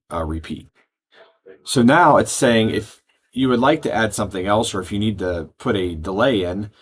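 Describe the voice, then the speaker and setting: A man giving a step-by-step software tutorial, explaining settings plainly with frequent ums. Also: lowish voice, slight background noise. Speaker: product trainer. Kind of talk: screen-recorded software tutorial.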